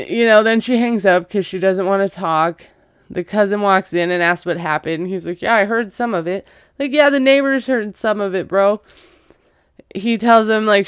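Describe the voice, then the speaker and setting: A woman's voice: mid-range voice, clean tone, dry recording, studio quality. Sarcastic gossipy woman recapping. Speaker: TV recap vlogger. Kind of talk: casual chatty recap.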